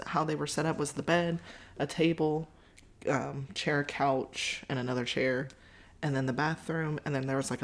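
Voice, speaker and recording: A woman, a podcast host telling a story in a casual, animated way and acting out other people's lines. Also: low voice. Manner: animated, voices others in quotes, Southern-style "y'all".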